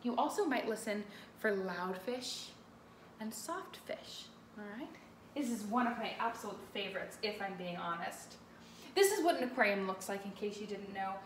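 Lady music teacher talking to little kids, animated and expressive, medium pitch. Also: moderate pace, echoey room, a little hiss or hum. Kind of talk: online music lesson for children.

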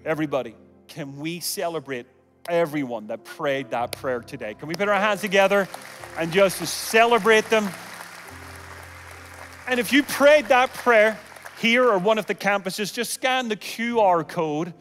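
High-voiced preacher in an echoing hall. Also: male voice, unhurried, faint music behind. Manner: dynamic, swings from loud calls to hushed near-whispers; humorous asides. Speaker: guest preacher. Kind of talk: sermon with altar call. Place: large church auditorium.

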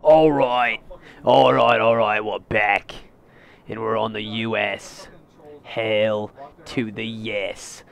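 A teenage man giving profane, excitable commentary on his own gameplay in a put-on accent, with game gunfire behind him. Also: fairly low pitch, slow, creaky. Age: teens. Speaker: gamer.

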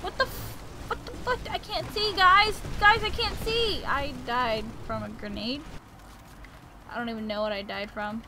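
A woman's voice: sits high, moderate pace, background noise. A woman hosting a gaming channel, giving casual, jokey play-by-play commentary and yelping whenever she is in danger. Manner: excitable, jokey, yelps when in danger.

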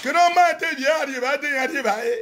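A Nigerian man on a phone live video, ranting and chanting loudly, often shouting and switching between Pidgin and local languages. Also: very high voice, racing, a little hiss or hum. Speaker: social media personality on a live video. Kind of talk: animated live-stream rant and chanting.

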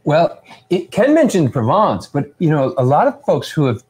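A man hosting a live interview, talking casually in a relaxed, rambling way with restarts. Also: a little high, normal speed, slightly rough. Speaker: host.

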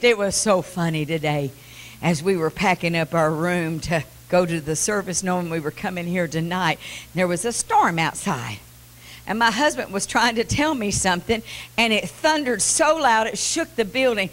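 A middle-aged woman preaching a Pentecostal sermon, swinging from soft talk to shouted exhortation. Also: fairly low pitch, moderate pace.

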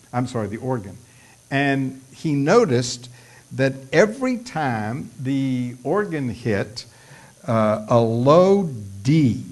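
A male pastor preaching a sermon, acting out prayers in a raised voice, with folksy asides. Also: medium pitch.

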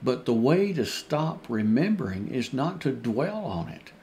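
A man's voice: medium pitch, sing-song, measured pace, a little mellow. A man pastor teaching a Bible study in an earnest manner, repeating his key points and calling his listeners dear friends.

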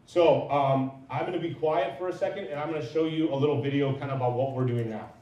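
A man's voice: mid-range voice, quick pace, warm tone, far from the mic, lo-fi sound. Man speaking in an echoey hall. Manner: rambling, anecdotal, many fillers. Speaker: business owner giving a talk. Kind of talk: informal lecture. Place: large echoey lecture room.

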